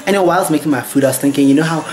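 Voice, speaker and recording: A man's voice: on the high side, rapid-fire, music in the background. A young man chatting playfully in a casual home vlog, with lots of asides and fillers. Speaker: vlogger. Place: room at home.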